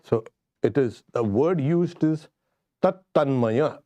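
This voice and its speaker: A man teaches a scripture class as a swami, his pitch swinging widely as he acts out little voices and laughs. His tone is warm and mellow, recorded close and dry with no room behind it. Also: slow, no echo, muffled recording. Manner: lively, acts out quotes, laughs often.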